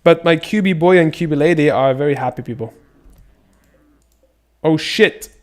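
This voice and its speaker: A man streaming a game live, chatting casually with viewers, excitable and swearing often. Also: on the high side, normal speed.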